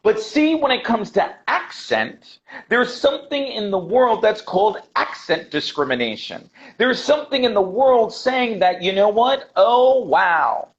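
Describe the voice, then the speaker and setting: An English teacher from the United States, interviewed over a video call, talks with passion and emphasis, repeating key points and calling the host "brother." His high voice swings widely in pitch at an unhurried pace, and the call audio sounds dull and lo-fi.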